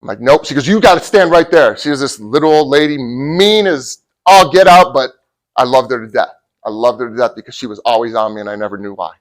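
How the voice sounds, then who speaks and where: A middle-aged man giving a motivational talk to college athletes, telling a personal story and swinging from loud bursts to hushed asides. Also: medium pitch, fairly quick, poor audio. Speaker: motivational speaker.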